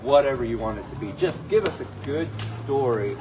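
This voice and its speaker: A man's voice: medium pitch, expressive, a little fast, background noise. A man interviewing a musician in a loose, rambling way, restarting his questions as he goes. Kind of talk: casual interview.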